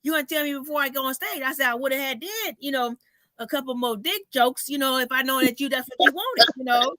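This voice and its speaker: A woman comedian telling stories in a casual chat, animated and salty, acting out the people in them. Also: high voice, quick pace, no echo. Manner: animated storyteller, acts out voices, swears freely.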